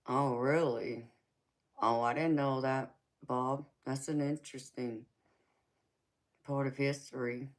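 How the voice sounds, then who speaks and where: A woman's voice: rumbling low, steady tone, slow, long pauses. A woman hosting a casual live stream as a tarot reader, chatting and teasing viewers, calling them honey and baby and laughing often.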